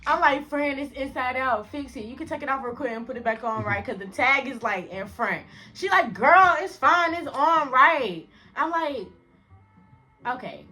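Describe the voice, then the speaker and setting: Young woman spilling a storytime, AAVE slang, bright voice, acts out every line with big jumps up and down. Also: normal speed. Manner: animated, slangy, acts out dialogue with big pitch jumps and laughs. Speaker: vlogger. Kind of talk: storytime vlog.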